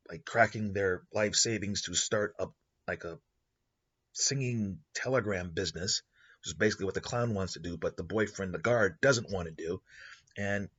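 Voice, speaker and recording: Brief: male host, improvised storytelling, rambling delivery; husky, low voice. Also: dull audio. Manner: rambling, many fillers and restarts.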